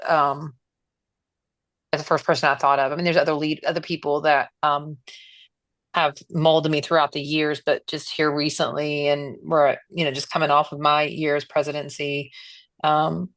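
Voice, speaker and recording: Woman, very low voice, dry sound, on a phone, earnest, hesitant. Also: fairly bright tone, no room sound. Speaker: workshop participant, past organization president. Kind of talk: casual sharing in an online meeting.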